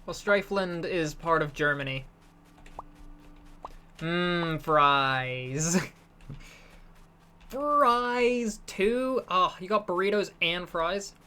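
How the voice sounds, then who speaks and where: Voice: medium pitch, lively intonation, extremely slow, long pauses, pushed and bright, clear, resonant tone. A streamer with a slight British accent chatting casually while playing a game live, answering chat and often restarting sentences.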